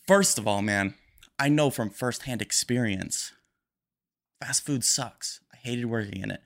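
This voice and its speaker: A young man hosting a casual solo podcast, rambling quickly and a little nervous. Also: mid-range voice. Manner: rambling, fast-talking and a bit nervous. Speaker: podcast host.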